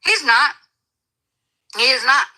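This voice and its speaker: A woman's voice: sits high, expressive, takes it slowly, pushed and bright, low-quality recording. A woman giving heated political commentary in an emphatic, preachy way, mocking and repeating herself for effect. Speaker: guest commentator.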